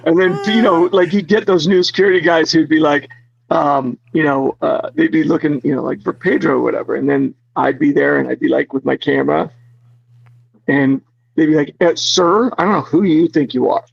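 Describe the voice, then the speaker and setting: A man being interviewed as an actor guest, telling stories in an animated way, laughing often and full of fillers. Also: fairly high pitch, a little fast, creaky, slightly rough, dry recording, highs cut off. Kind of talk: casual interview storytelling.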